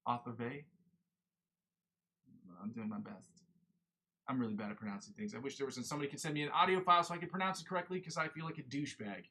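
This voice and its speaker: Fast-talking, bright-voiced man streaming live. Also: mid-range voice. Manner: rambling, self-correcting, chatty. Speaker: livestream host, guitarist. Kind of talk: casual livestream chat.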